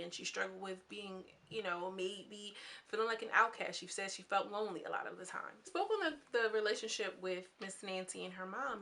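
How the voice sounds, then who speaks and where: Chatty young woman recapping a show. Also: sharp tone. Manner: chatty and candid, acting out quoted lines with swings in pitch. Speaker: YouTube reality-show recapper. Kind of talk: casual recap commentary.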